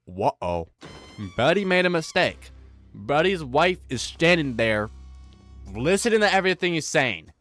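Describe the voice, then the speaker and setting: A man's voice: on the high side, sing-song, unhurried, a bit bright, faint music behind. A young man giving a casual, rambling, wisecracking recap commentary, full of slang. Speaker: commentary host.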